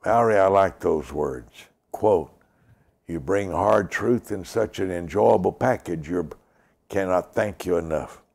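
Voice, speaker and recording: An older man preaching and praying, slow and emphatic, repeating lines and dropping to a whisper. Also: sits low, creaky, darkish tone. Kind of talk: sermon with prayer.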